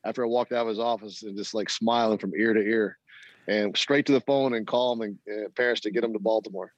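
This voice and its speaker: Speaking fast in a lowish voice, this middle-aged man, once a ball player, is a guest spinning interview stories. He laughs a lot and mimics the people he quotes, and the recording is muffled with no room sound.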